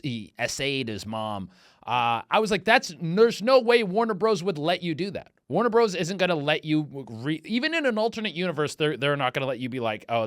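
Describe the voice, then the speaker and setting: A man's voice: on the high side, no room sound, clean studio sound. A man in his thirties hosting a comedy podcast, ranting casually with lots of swearing and mocking quoted voices. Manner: profane, animated, mocking put-on quotes.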